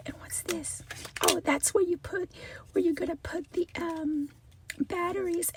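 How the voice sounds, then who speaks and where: A woman unboxing gifts in a casual vlog, gushing and excitable, often dropping to a soft whisper as she looks over each item. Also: extremely high pitch, noisy background. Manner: gushing, excitable, many exclamations. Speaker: haul video host.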